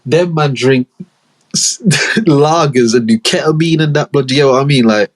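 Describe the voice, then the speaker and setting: Talking alone on his podcast, this young man from Leeds in northern England spins animated, slangy stories peppered with mocking impressions. He speaks at normal speed in a mid-range, slightly husky voice.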